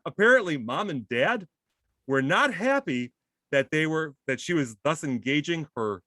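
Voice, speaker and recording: A man's voice: on the high side, normal speed, dry recording, studio quality. A man telling a funny story in a casual chat, acting out voices with self-deprecating humor. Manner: animated, acts out voices in his story.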